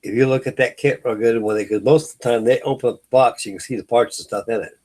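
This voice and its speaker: A man's voice: mid-range voice, fairly even intonation, fast talker, darkish tone. A middle-aged man from California hosting a late-night live hangout stream, chatting casually and telling rambling stories full of fillers and restarts. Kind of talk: casual chat.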